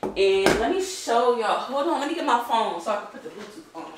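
A woman's voice: a little high, very animated, a little fast, slight background noise. A young woman vlogging to camera, emotional at first and then chatty and upbeat with her viewers. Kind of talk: emotional casual vlog talk to camera. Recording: echoey room.

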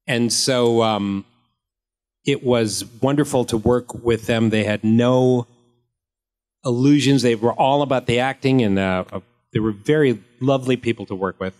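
A man's voice: mid-range voice, a little slow, darkish tone. A man in his fifties, an actor at a convention panel, answering fan questions with rambling, joking anecdotes.

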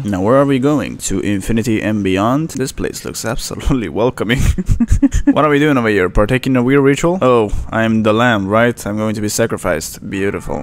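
A man commenting on his own gameplay, sarcastic and laughing often as he talks to the enemies. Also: medium pitch. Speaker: gaming channel host.

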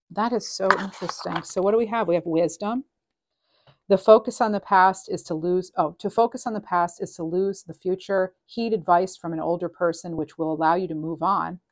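A woman giving a casual, channeled tarot reading, chatty and meandering with frequent ums, reading card messages aloud. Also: on the low side. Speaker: tarot reader.

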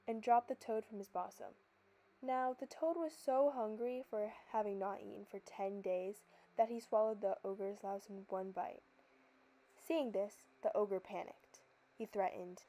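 Mellow woman narrating a folktale. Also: medium pitch, moderate pace, poor audio. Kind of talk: scripted storybook narration.

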